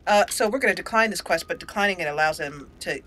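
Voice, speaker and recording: A woman's voice: on the low side, quick pace, fairly bright tone, low-quality recording. A woman hosting a let's play, chatting casually over gameplay, giggly and talking back to the characters on screen.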